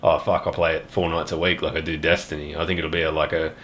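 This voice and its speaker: A man's voice: rumbling low, level tone, fast. Sweary Australian man hosting a podcast. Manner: sweary, laughs often, trails off softly. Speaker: podcast host. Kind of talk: casual gaming chat.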